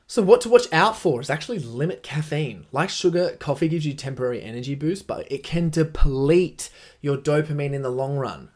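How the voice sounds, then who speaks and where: An Australian man in his young adult years talks straight into his podcast mic with loose, rambling enthusiasm. He drops casual swears and keeps circling back through asides, his voice sitting at an ordinary middle pitch. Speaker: podcast host. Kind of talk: casual solo podcast talk.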